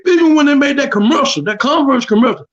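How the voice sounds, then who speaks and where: A man co-hosts a sports talk show in a very high voice. He jumps in loud and excited to back up his partner. A dull, lo-fi mic muffles him. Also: quick pace. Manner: excited, loud, chimes in with agreement. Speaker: podcast co-host. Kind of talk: casual sports chat.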